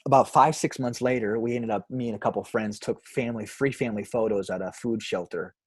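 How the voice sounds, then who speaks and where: A pastor telling a story in a podcast interview, with animated delivery and quoted voices. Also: male voice, lowish voice, brisk, husky, dry recording, clean studio sound. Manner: animated, acts out quoted voices, frequent fillers.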